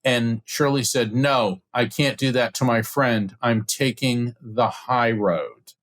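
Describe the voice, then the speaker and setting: A middle-aged man, a guest on an interview podcast, telling a story with excitement and acting out the voices of the people in it. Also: medium pitch, slow. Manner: acts out quoted voices, excited retelling. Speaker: podcast guest, psychic medium.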